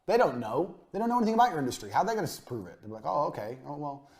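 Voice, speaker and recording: A man giving a recorded business lesson, blunt and emphatic, swearing freely, his voice often trailing off quieter at the ends of lines. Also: a little high, very animated, very fast. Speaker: business coach.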